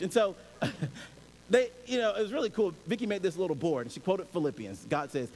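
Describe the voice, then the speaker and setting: A man preaches a sermon in a casual, storytelling way, acting out little scenes. His voice sits high and swings widely in pitch. The hall adds a long reverb and a faint hiss. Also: normal speed. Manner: animated and conversational, acts out scenes. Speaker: pastor.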